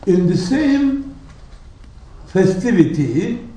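A man preaching a sermon, telling stories slowly and deliberately and acting out the people in them. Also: high voice, big pitch swings, mellow. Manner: slow, deliberate storytelling with dramatic quoted voices. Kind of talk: sermon storytelling. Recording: echoey hall, speaker far from mic.

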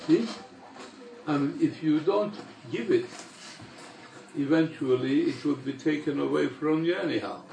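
An older man delivering a sermon in a slow, measured way with long pauses. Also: on the high side, animated, vocal fry, warm tone, a little hiss or hum. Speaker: religious teacher. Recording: echoey room, mic far off.

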